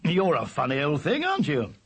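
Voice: mid-range voice, wildly swooping pitch, a little fast, husky, exaggerated voice. A reader voicing a fond father who teases his children. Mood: teasing fond.

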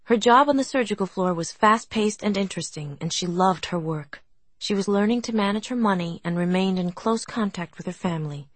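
A woman reading a novel aloud as audiobook narration, in a soft, gentle manner. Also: mid-range voice, a little fast, no room sound. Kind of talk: scripted narration.

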